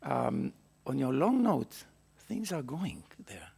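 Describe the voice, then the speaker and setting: A man's voice: medium pitch, huge pitch swings, gravelly, darkish tone, husky. A man teaching a trumpet master class, encouraging the student and singing phrases on syllables to show how they should go. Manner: sings phrases on syllables to demonstrate; encouraging, halting with restarts. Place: recording studio. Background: trumpet playing.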